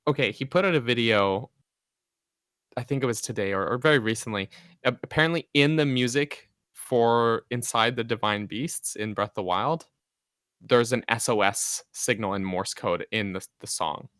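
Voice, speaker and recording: A man co-hosting a casual gaming stream, chatting animatedly in quick asides. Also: medium pitch, fairly bright tone, dry recording, clean studio sound. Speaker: podcast co-host.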